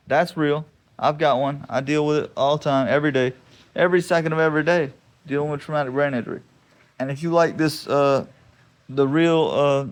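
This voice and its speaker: Man, gravelly voice, slightly higher pitch, rambling jokey vlog, outdoors. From United States. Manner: joking, wandering, repeats himself, restarts sentences. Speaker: army veteran vlogger. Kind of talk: casual rambling monologue to camera. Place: backyard garden, outdoors.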